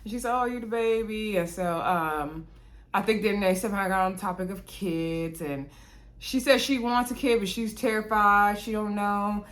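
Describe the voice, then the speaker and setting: A woman's voice: moderate pace, fairly bright tone. Sassy chatty woman recapping reality TV. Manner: chatty, sassy asides, big pitch swings. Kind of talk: casual episode recap.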